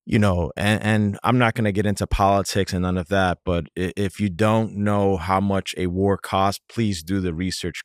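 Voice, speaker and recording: Male podcast host, rambling and emphatic, lowish voice, dry close sound. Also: no echo. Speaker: podcast host, branding consultant. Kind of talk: casual podcast conversation. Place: studio.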